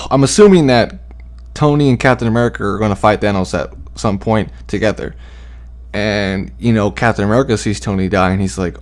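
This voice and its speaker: A man casually sharing fan theories, rambling with many fillers and the odd swear word. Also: fairly low pitch. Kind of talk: casual chat.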